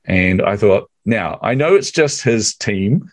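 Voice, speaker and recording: Male podcast host, low-pitched, animated storyteller who acts out quotes; dry close-mic sound. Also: a little slow, no room sound. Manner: animated storyteller acting out quotes, laughs often. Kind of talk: casual storytelling chat.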